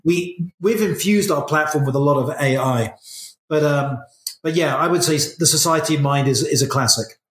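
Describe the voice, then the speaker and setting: In a casual interview recorded in an echoey room, a middle-aged male guest tells stories reflectively. His voice sits a little high, with a fairly bright tone and normal speed.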